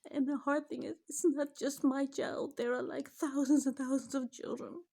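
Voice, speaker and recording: This middle-aged mother vlogs at a moderate pace, her high-pitched voice creaky and mellow with a level tone. Tearful and close to crying in this personal, emotional recording, she speaks in a shaky, breaking voice that sometimes slips into a whisper.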